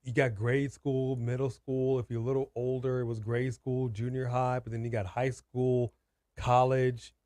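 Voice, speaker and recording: A man's voice: medium pitch, level tone, normal speed, darkish tone, no room sound, clean studio sound. A man co-hosting a casual live watch-party stream, ranting emphatically and repeating his points. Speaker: co-host.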